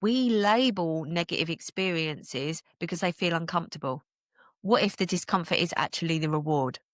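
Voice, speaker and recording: A woman from the UK hosting a solo business podcast, talking in an energetic, emphatic, motivational way and laughing often. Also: lowish voice, moderate pace, dry recording, studio quality. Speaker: podcast host and business coach.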